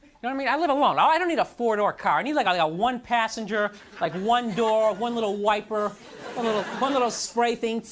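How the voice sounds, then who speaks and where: A man with a high, slightly bright voice does a quick-paced stand-up set on a comedy club stage, ranting in an exasperated, self-mocking way and slipping into mocking voices. The live club recording picks up crowd noise and audience laughter.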